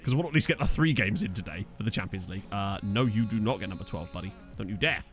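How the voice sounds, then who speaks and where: Chatty man from Essex with lively pitch. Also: racing, faint music behind. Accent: Essex English. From Essex, England. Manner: chatty, reads chat aloud, jokey asides. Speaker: streamer. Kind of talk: casual live-stream game commentary.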